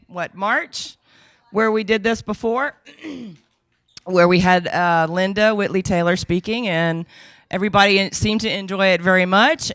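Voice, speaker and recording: Slow, bright-voiced woman introducing a speaker. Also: medium pitch, smooth, no echo. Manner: hesitant, with many fillers. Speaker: event organizer introducing the speaker.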